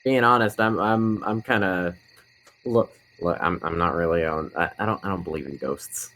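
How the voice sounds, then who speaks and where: A man's voice: low voice, moderate pace, sharp tone. A man voicing a skeptical, ordinary man in a tabletop game, stammering and repeating his words. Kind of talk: in-character tabletop role-play.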